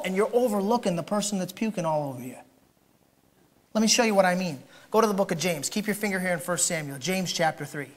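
A man preaching a sermon as pastor of a church, with shouted peaks and quiet, joking asides, often putting direct questions to the congregation. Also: sits high, animated, fast.

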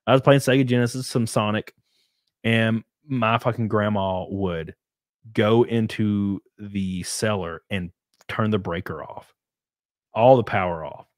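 A man's voice: on the low side, a little slow, no room sound, studio quality. A young man telling long, rambling stories in casual chat, swearing a lot and laughing often. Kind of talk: casual storytelling.

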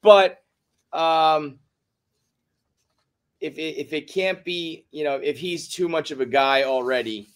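Halting, fairly high-voiced man co-hosting. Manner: halting, repeats himself, gets loud when hyped. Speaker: podcast co-host. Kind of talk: casual podcast chat.

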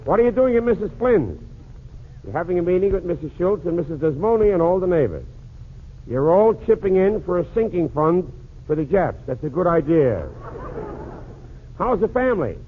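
High-voiced man doing 1940s radio comedy. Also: big pitch swings. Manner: one-sided phone-call routine, quick comic patter. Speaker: comedian and emcee. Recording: tinny lo-fi 1940s radio transcription with faint hiss.

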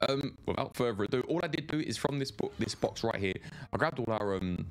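A man's voice: medium pitch, animated, fairly quick, faint music behind. A man giving live gameplay commentary, rambling and chatty as he greets viewers by name. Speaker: game streamer.

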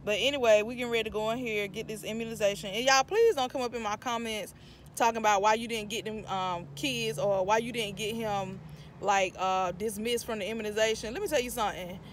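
A woman's voice: a little high, fairly even intonation, fairly quick, slight background noise. A woman in her thirties with a North Carolina accent, vlogging chattily to her phone from her car and a store while venting her irritation. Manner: talkative, irritated venting, addresses viewers as y'all. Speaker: mom vlogger. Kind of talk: chatty vlog talk to camera. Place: parked car, then inside a store.

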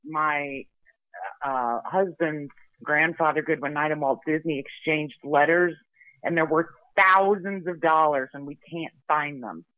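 A woman joining a podcast interview on speakerphone, speaking haltingly as she walks in. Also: sits low, no room sound. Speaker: podcast guest. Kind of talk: casual chat over speakerphone. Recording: dull speakerphone line from a distance.

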